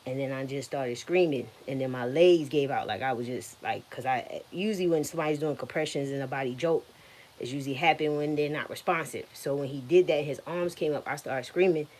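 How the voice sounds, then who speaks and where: Low-voiced woman telling a blunt story. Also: fairly quick. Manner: blunt, profane, animated retelling. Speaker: guest telling her story. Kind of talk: emotional personal storytelling.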